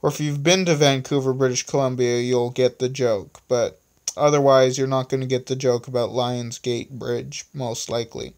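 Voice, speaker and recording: A man's voice: mid-range voice, steady tone, normal speed, darkish tone. A man breaks from reading his own story to ramble and correct himself in casual asides. He talks into a phone.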